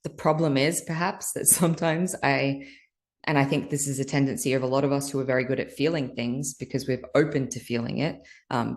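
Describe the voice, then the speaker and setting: A woman guest on a podcast, a healer, talking candidly about emotional release in a loose, earnest, filler-heavy way. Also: extremely low pitch. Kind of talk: candid spiritual interview talk.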